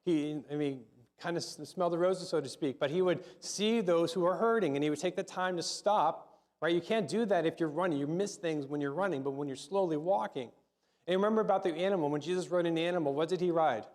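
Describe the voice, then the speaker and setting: A middle-aged pastor's voice, pitched somewhat above the typical male range, moves briskly through a laid-back sermon. He trips over words, repeats himself, and continually questions his audience.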